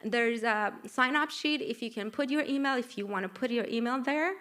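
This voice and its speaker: A middle-aged woman with a Persian accent giving a lively talk at her book launch, coaxing the audience and asking for agreement. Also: on the high side, moderate pace. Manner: animated, coaxing, asks the room for agreement. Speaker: author and workshop speaker. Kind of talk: live book launch talk with group exercises. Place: event room with live audience.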